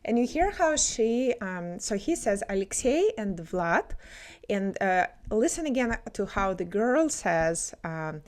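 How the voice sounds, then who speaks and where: A woman's voice: medium pitch, sing-song, slow pace, a little mellow. Woman teaching language. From Russia. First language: Russian. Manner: explanatory, casual, many filler ums. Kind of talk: language lesson vlog.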